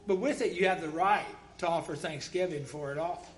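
Guy preaching a sermon, pretty high voice, punchy, reads scripture refs and cracks little jokes. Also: a little fast. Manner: emphatic, quoting scripture, wry jokes.

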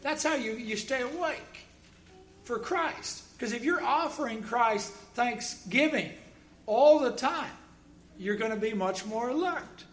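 A man's voice: very high-pitched, animated, takes it slowly, fairly bright tone. A man preaching a sermon, emphatic, quoting scripture and dropping wry jokes.

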